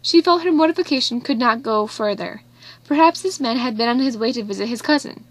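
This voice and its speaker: A woman narrating a novel aloud in a steady, expressive reading. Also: fairly high pitch, a little fast, no echo. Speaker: audiobook reader. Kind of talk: scripted narration.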